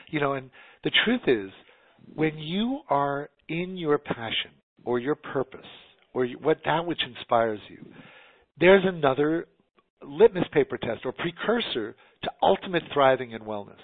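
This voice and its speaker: A man's voice: mid-range voice, husky, no room sound. A man from New York talking earnestly in a casual conversation, rambling with many restarts. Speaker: guest. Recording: tinny phone-like line.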